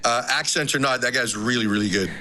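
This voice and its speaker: A man talking sports as a guest analyst, chatty and quick to add "right?" and "you know". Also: medium pitch, bright, forceful tone. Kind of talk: casual sports talk.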